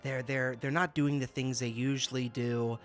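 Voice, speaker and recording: A man's voice: medium pitch, flat delivery, normal speed, faint music behind. A young man hosting a casual review channel, exasperated and laughing, often stammering and repeating himself. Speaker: booktuber host.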